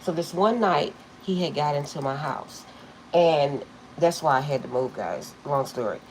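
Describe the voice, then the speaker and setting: A woman's voice: low-pitched, lively intonation, moderate pace, a little mellow, slight background noise, low-quality recording. A middle-aged woman reading tarot, telling rambling stories to her viewers and laughing often. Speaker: tarot reader. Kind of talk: casual storytelling to viewers.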